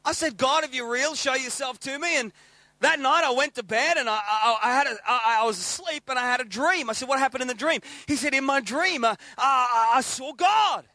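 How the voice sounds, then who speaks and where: A man preaching a sermon, telling a lively story and acting out the dialogue. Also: extremely high pitch, a little fast, no echo. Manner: lively anecdotal, acts out quoted dialogue.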